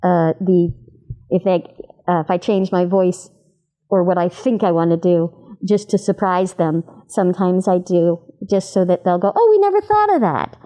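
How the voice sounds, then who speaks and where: A woman voice actor in an animated interview chat, demonstrating voices as she explains her craft. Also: fairly low pitch, unhurried.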